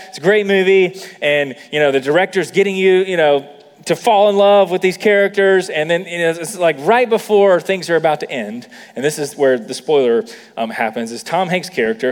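A man's voice: fairly high pitch, long reverb tail. A man preaching a sermon as a pastor, conversational with many fillers, building to emphatic peaks.

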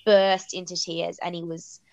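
A woman's voice: on the low side, level tone, measured pace, dry recording. A woman in her thirties hosting a podcast, telling a family story in a chatty way with fillers. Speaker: podcast host. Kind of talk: podcast conversation.

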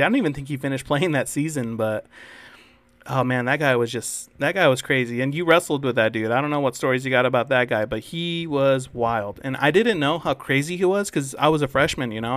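A man's voice: medium pitch, fairly quick, dry recording. A young man co-hosting a podcast, telling school stories in a rambling, swear-filled casual chat. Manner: rambling storyteller, swears freely. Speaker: podcast co-host.

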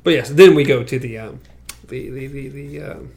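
A woman's voice: a bass voice, normal speed, vocal fry. A woman chatting casually as she recaps an episode, acting out the characters' lines with big jumps in her voice. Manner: animated, acts out quotes with big voice jumps.

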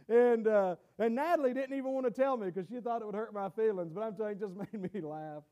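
High-voiced preacher, halting and folksy. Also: male voice, warm tone. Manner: folksy, halting, repeats words, reads scripture slowly. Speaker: pastor. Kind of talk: sermon.

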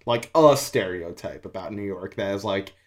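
A young man chatting casually, rambling through his stories and swearing freely. His asides come quick and loose. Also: sits low, animated. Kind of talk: casual chat.

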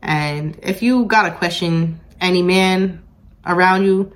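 A woman's voice: lowish voice, slow. A woman co-hosting a casual chat podcast, talking emphatically and repeating her points to drive them home. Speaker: podcast co-host.

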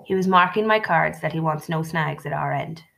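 Woman voicing a middle-aged father, low and gentle, reasoning, gravelly, storybook reading. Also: moderate pace. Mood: explaining. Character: careful middle-aged Irish father, councillor.

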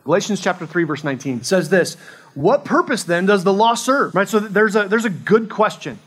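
High-voiced man preaching a sermon. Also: lively intonation, a little fast, a bit bright, slightly rough. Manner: earnest, conversational preaching with frequent restarts. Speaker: pastor.

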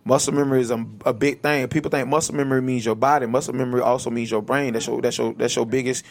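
Gravelly man with a Florida accent. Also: medium pitch, little pitch movement, fast. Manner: rambling, slangy, says "bro" a lot. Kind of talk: casual chat.

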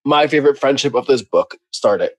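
Man, podcast co-host, lively storyteller; mid-pitched, close and dry-sounding. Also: normal speed, no room sound. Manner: animated storyteller, laughs often. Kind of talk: casual book recap chat.

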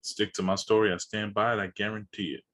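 A man's voice: lowish voice, flat delivery, quick pace, a bit bright. A young man co-hosting a podcast, teasing and provocative in casual chat. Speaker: podcast co-host.

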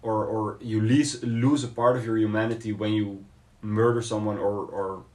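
Low-voiced man musing hesitantly. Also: fairly even intonation, normal speed, a little mellow. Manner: thoughtful, hesitant, many fillers and restarts. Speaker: podcast co-host. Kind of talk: casual debate.

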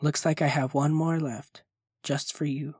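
A man's voice: on the high side, flat delivery, a little slow, a little mellow, slightly rough, no room sound, studio quality. A man voicing a friendly-sounding male ice cream truck driver who talks in a folksy, coaxing way.

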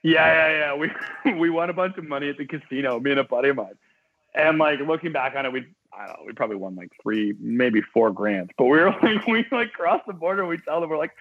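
A man's voice: on the high side, quick pace, dry recording. A man in his thirties from Canada, a guest chef telling stories in casual chat, often laughing. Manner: laughing, animated storyteller. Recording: tinny phone-like sound.

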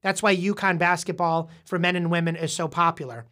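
A woman with a somewhat low voice hosts a casual podcast chat. She explains topics patiently and asks quiz-like questions. She often stumbles and repeats words mid-sentence. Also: steady tone, a little fast, a bit bright. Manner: frequent repeated restarts. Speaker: podcast host interviewing a young child.

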